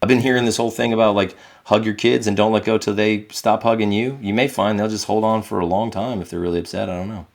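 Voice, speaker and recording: A man's voice: fairly low pitch, steady tone, quick pace, creaky, few pauses. A middle-aged man, a podcast guest, telling candid, reflective stories about his parenting and acting out quotes in a raised voice. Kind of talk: candid conversational storytelling.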